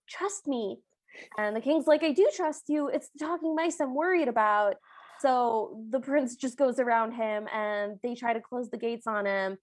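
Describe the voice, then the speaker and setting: A woman with a high, light voice chats her way through a film recap on a podcast. She keeps jumping into quick impressions of the characters as she tells the story. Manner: animated, acts out characters' lines while retelling. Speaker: podcast co-host. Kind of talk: casual chat recapping a film.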